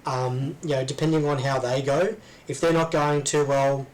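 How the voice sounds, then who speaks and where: A man's voice: mid-range voice, level tone, normal speed, darkish tone, rough recording. An Australian man co-hosting a casual chat, rambling with lots of ums and restarts. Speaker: podcast co-host.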